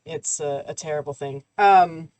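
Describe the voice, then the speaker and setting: A woman's voice: low voice, darkish tone, no echo. A young adult woman, co-hosting a podcast in casual chat, nervous and full of ums. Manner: nervous, talks fast, lots of ums. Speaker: podcast co-host.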